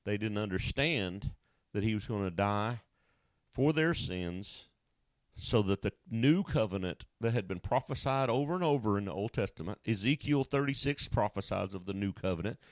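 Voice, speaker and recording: A man's voice: on the low side, lively intonation, moderate pace, no room sound. A male pastor preaching a sermon in a folksy, conversational way, often restarting his sentences.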